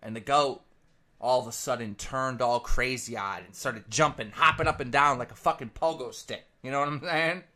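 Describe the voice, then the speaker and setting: Man, commentator, crude comic tale, sharp bright tone, rambling. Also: mid-range voice, normal speed. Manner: rambling, profane, animated. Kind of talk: profane comic storytelling.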